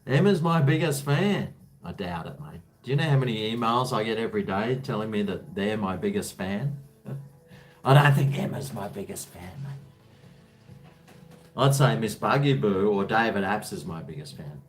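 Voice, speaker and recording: A man's voice: fairly low pitch, expressive, normal speed, soft background music. A man chatting casually on a livestream, rambling with chuckles and answering viewers' comments. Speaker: livestream host.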